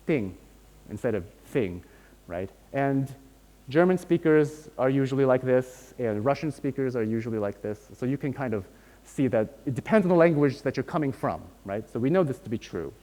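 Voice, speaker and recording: A man's voice: mid-range voice, lively intonation, normal speed, dark tone. A man giving a university lecture, explaining step by step and often checking in with "right?". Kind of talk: academic lecture. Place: lecture hall. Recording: long hall reverb.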